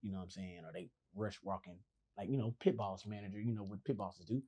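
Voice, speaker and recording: A male comedian telling a wild story on a podcast in an animated, profane way, acting out the voices in it. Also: lowish voice, fast, breathy edge. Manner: animated, profane, acts out the voices in his stories.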